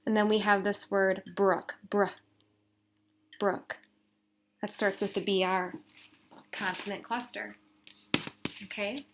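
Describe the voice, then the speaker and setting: A woman teacher giving a recorded phonics lesson to young children, patient and sounding out letter sounds slowly and deliberately. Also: medium pitch, level tone, a bit bright. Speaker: elementary school teacher.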